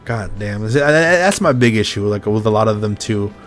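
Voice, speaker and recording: A man's voice: fairly low pitch, lively intonation, fairly quick, soft background music. A man hosting a podcast in casual chat, ranting bluntly and swearing often. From Mexico's Baja California border region. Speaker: podcast host.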